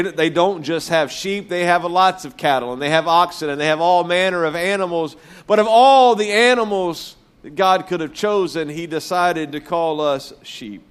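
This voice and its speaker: A man preaching a sermon as pastor, emphatic, slowing down to stress key words. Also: sits high, clear, resonant tone.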